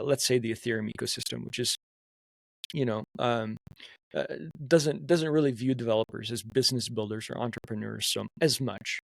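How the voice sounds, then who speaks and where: Gravelly-voiced male interview host. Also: medium pitch, no echo. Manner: measured, leading questions. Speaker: podcast host. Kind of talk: interview questions.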